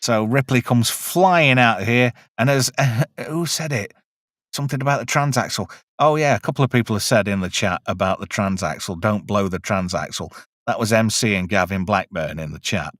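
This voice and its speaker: A man's voice: lowish voice, moderate pace, a bit bright, dry recording, clean studio sound. A man hosting a casual film review, recapping scenes in a chatty, joking way.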